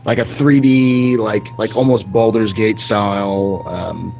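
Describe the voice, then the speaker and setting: Male player, low and rambling, muffled lo-fi mic. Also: steady tone, a little slow, gravelly, soft background music. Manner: rambling, filler-heavy.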